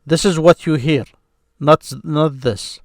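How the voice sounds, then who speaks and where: A man with a slightly high voice teaches a beginners' grammar lesson, explaining patiently and slowly repeating syllables for his learners. The recording is dry, with clean studio sound.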